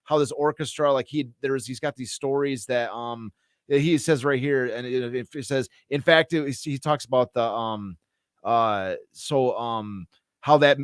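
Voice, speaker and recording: A man's voice: mid-range voice, dry recording, studio quality. A man co-hosting a podcast, rambling through stories with many fillers and reading passages aloud. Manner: rambling, hesitant, lots of fillers. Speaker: podcast co-host. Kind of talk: casual chat, reading from a book.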